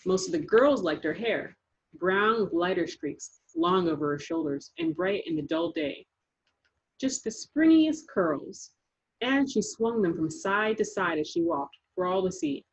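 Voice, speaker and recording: Woman storybook narrator, husky, dull lo-fi audio, lively read-aloud. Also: lowish voice, a little slow. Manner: lively, rhythmic reading. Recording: dull lo-fi recording.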